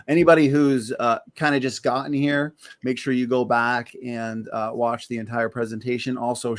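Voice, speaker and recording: A man's voice: mid-range voice, dry recording. A Canadian man hosting a livestream talk show, upbeat and thankful, laughing easily. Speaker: host.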